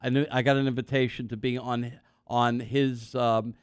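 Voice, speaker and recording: A man's voice: medium pitch, moderate pace, smooth, no room sound, studio quality. A man hosting a talk radio show, telling rambling stories in casual chat with lots of restarts. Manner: rambling, animated storyteller with restarts. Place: radio studio.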